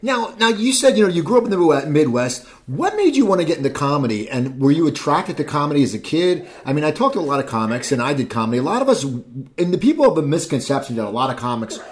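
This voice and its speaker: A man's voice: a little high, sing-song, fast. A man interviewing a guest, a comedian himself, asking questions and sharing his own views in a chatty way.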